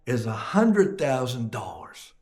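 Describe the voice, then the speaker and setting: A pet shop owner quotes his prices with a straight face, as a man puts him on while telling a joke. The voice sits at an ordinary middle pitch, close to a normal speaking voice. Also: sing-song, slow, darkish tone. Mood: matter-of-fact. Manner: matter-of-fact salesman telling a joke. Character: male pet store owner selling parrots.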